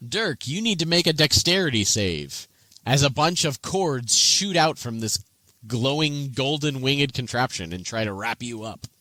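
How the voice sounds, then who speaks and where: A man narrating a tabletop game as game master, in an animated, playful manner. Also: medium pitch, a little slow, a little hiss or hum.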